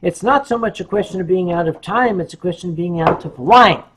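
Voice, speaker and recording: A man's voice: high-pitched, fairly quick, a crowd in the background. A man hosting a casual live-stream chat, reading viewer questions and telling stories, with German words dropped in here and there. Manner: animated raconteur who drops in German words.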